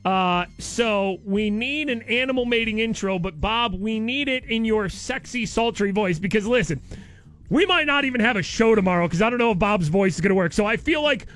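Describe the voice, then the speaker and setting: A man hosting a radio morning show, joking excitably and reading out listener tweets. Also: sits high, moderate pace, faint music behind. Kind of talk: casual radio banter.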